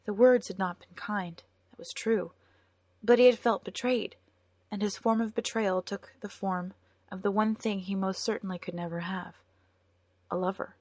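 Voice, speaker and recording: A woman reading a story aloud in a soft, measured narrating voice. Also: medium pitch, steady tone, no room sound. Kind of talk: audiobook narration.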